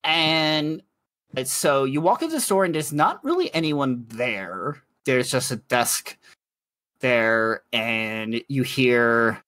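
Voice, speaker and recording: A man's voice: medium pitch, lively intonation, takes it slowly, fairly bright tone, no echo. A man narrating a tabletop game as game master, chatty and laughing often.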